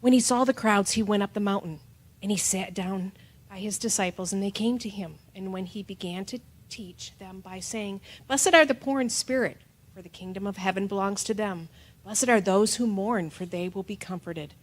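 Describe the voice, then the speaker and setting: A woman reads scripture aloud at a church service, her voice sitting in an ordinary middle pitch. She takes the lines slowly and with care, letting each phrase land. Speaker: scripture reader. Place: church sanctuary.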